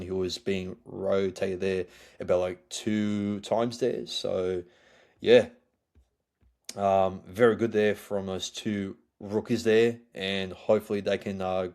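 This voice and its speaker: A man hosting a solo sports review podcast, talking in a halting way with many fillers and restarts. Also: lowish voice, a little mellow. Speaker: podcast host.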